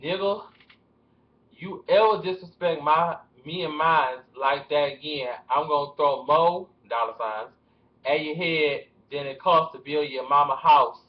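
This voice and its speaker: A man putting on an impression of a swaggering male rapper, drawling profane threats slowly, recorded with dull lo-fi webcam sound. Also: a little high, lightly acted. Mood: menacing. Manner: menacing, profane, slow drawl.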